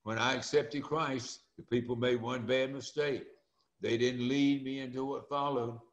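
An older man, telling stories in a folksy, animated way as an interview guest. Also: medium pitch, measured pace, echoey room, dull audio. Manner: folksy and animated, acts out quoted voices. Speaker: interview guest, former speaker and coach. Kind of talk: storytelling interview.

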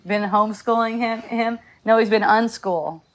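A woman's voice: on the high side, steady tone, normal speed. A middle-aged woman telling a story about her sons in a casual chat, laughing often and rambling with many restarts.

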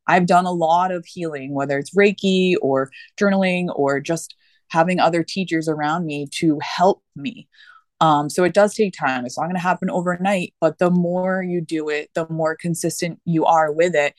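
A woman's voice: low voice, no echo. Woman guest in her 30s, casual and earnest, rambling chat, dry close sound. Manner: earnest, rambling, many fillers and restarts. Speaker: podcast guest. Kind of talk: casual conversation.

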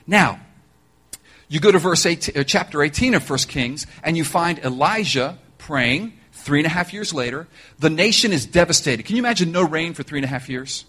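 Male pastor, husky and fairly high, lively storyteller who talks right to the room. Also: normal speed. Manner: animated storytelling with joking asides; addresses listeners directly. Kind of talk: sermon.

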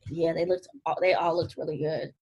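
A woman's voice: sits low, fairly even intonation, normal speed, darkish tone, breathy edge, low-quality recording. A woman guest telling her wedding-day story in a casual, heartfelt way. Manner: storytelling, emotional. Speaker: interview guest, spouse. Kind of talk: casual conversation.

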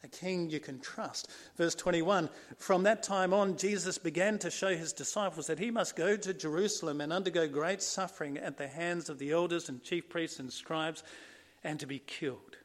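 A man preaching a sermon and reading from scripture, earnest, rising to emphatic points and dropping to hushed ones. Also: a little high, moderate pace.

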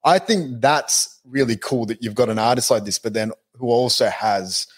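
A man in his element on a relaxed podcast, his voice sitting at an ordinary middle pitch. He talks loosely and breaks into laughter easily, like chatting with a good friend. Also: moderate pace, husky. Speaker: podcast co-host. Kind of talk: casual podcast chat.

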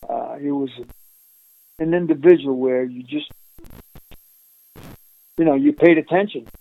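A man being interviewed, telling an animated, streetwise story with frequent laughs and restarts. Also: on the high side, measured pace, gravelly, no echo, narrow, tinny audio. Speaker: interviewee recounting undercover work.

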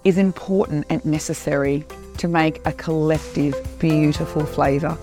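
A woman who is a corporate trainer and podcast host, telling a story in an animated, emphatic way in a casual monologue. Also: low-pitched, moderate pace, over music.

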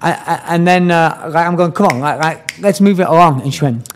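An English man co-hosting a podcast, telling a story in a lively way with laughs and stammered restarts. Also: high voice, fairly quick, few pauses, a little hiss or hum. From England. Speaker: podcast co-host. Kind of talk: casual storytelling chat.

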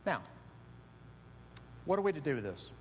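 A middle-aged man preaching a sermon, telling stories with animated delivery that swings from quiet asides to loud shouts. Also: normal speed. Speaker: pastor. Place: church sanctuary. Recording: echoey hall with faint rumble.

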